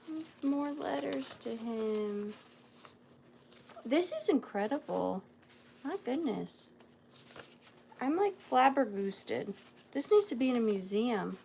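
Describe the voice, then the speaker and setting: A woman's voice: sits high, expressive, takes it slowly, vocal fry, pauses often, dark tone, a little hiss or hum. A woman reselling antiques, hosting a live sale and reading old letters aloud, emotional and close to tears, marvelling and apologizing as she goes. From US South. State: near tears.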